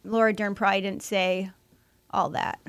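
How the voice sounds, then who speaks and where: A woman's voice: medium pitch, level tone, normal speed, creaky, no echo, clean studio sound. A woman comedian guest in casual podcast banter, chatty and jokey, often agreeing.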